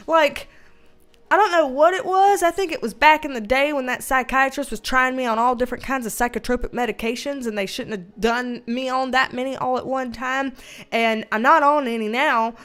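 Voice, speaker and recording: A high-pitched woman hosts a casual livestream at home, chatting, reading viewer comments aloud, and laughing a lot in a playful, animated way.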